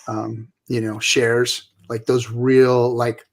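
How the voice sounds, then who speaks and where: A man's voice: medium pitch, little pitch movement, takes it slowly. A man co-hosting a casual crypto chat show, laid-back and joking, repeating phrases as he talks. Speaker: co-host.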